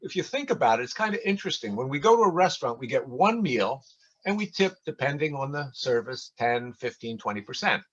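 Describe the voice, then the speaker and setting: A man's voice: mid-range voice, very animated, a little fast, fairly bright tone, breathy edge, highs cut off. An older man telling rambling, folksy stories in a casual community talk over a video call.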